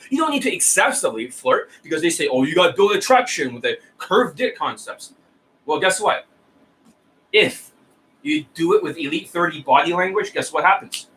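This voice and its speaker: Man, foul-mouthed, scornful coaching rant, bright forceful voice, somewhat high, faint background hiss. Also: low-quality recording. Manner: profane, scornful, insulting; repeats "right?" and "you see that?". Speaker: dating coach. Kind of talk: ranting coaching monologue.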